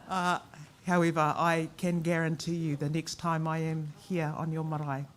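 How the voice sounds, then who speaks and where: A woman with a New Zealand accent representing a museum board, giving a formal ceremonial speech. Her delivery is measured and she mixes oratory with wry, joking asides. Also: low-pitched, a little hiss or hum.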